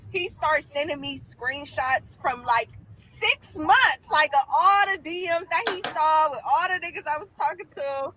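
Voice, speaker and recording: Young woman, high and lively storyteller, noisy recording; brash, chatty, talks straight to listeners. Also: unhurried, hardly any pauses. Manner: animated, addresses listeners as y'all. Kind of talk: casual profane storytelling.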